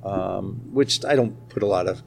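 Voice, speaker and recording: A man guest in a casual interview, telling stories in a relaxed way with quick asides. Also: sits low, creaky, soft background music. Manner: storytelling, laughing, quick asides.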